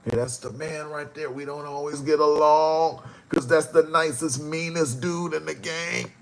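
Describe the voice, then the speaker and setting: A man hosting his own livestream, rambling to his chat in a slow, drawn-out way with sudden animated jumps. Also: fairly high pitch, noisy background. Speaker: rapper hosting a livestream show.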